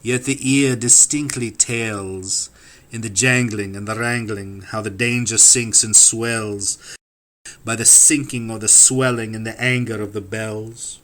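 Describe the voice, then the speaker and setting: A man's voice: fairly low pitch, fairly even intonation, a little slow, a bit bright. A man reading classic poems for an audiobook, with a rhythmic, incantatory delivery that sweeps up and down. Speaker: audiobook reader. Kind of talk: dramatic poetry reading.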